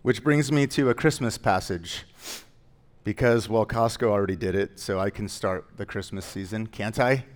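A man's voice: on the low side, moderate pace. A man pastor preaching a sermon in a conversational way, with joking asides that rise into emphatic declarations.

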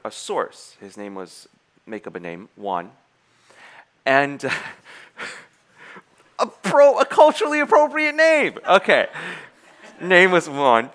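Man, low voice, preacher, sermon storytelling, acts out quoted dialogue, frequent restarts. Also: a bit bright.

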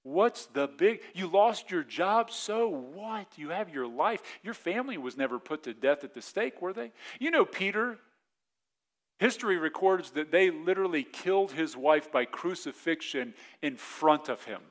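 A man in his forties preaching a sermon as pastor, in a conversational way, acting out quick voiced asides. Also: on the high side, expressive, fairly bright tone.

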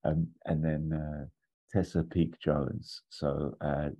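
Very deep, dark-voiced man. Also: level tone, slow. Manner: rambling, hesitant, many restarts and fillers. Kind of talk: casual chat, pitching a story idea. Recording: dull lo-fi recording.

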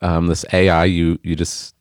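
Very deep-voiced genial podcast host. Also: male voice, monotone, no echo, studio quality. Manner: genial, halting with restarts. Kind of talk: casual chat.

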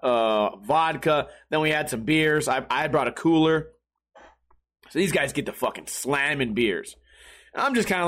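A man's voice: a little high, a bit bright. A man hosting a podcast, telling a story casually, swearing and laughing often. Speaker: podcast host.

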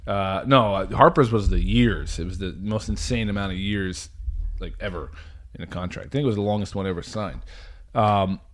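A man in casual chat, telling a story with lots of laughter and quick shifts. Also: sits low.

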